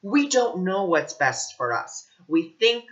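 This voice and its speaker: Man, spiritual teacher type, bright voice, earnest and animated, lo-fi sound. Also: high voice, slow. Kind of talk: casual spiritual talk to camera.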